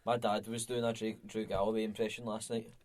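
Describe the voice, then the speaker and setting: A man's voice: lowish voice, level tone, fast, darkish tone. Scottish man in blunt casual chat. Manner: blunt, swears. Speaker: podcast co-host.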